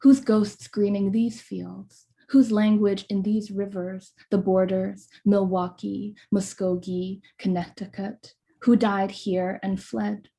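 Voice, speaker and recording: Woman poet, mellow measured recitation. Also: medium pitch. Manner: measured, rhythmic recitation with soft hesitant asides. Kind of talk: poetry reading over video call. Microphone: video call.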